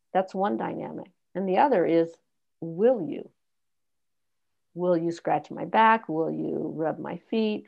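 A woman educator explaining a concept in conversation, deliberately teaching through example questions. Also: on the low side, gravelly, darkish tone. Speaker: consent educator and guest. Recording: dull lo-fi audio.

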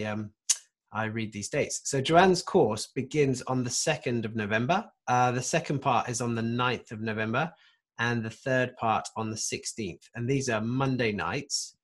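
A man with a mid-pitched voice hosts a webinar over a video call. He reads out dates and notices in a loose, halting way, with fillers between phrases. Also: expressive. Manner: loose, hesitant announcing with fillers. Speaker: webinar host.

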